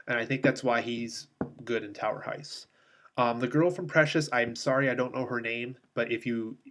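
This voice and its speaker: A man's voice: mid-range voice, fairly bright tone. A man giving a casual spoken movie review, rambling along with many filler ums and restarts.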